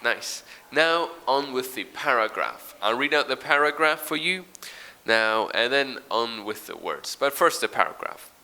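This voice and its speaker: A man's voice: medium pitch, lively intonation, a little slow, bright, forceful tone. A man teaching English pronunciation, explaining patiently, modelling sounds and reading a short text aloud. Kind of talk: recorded pronunciation lesson.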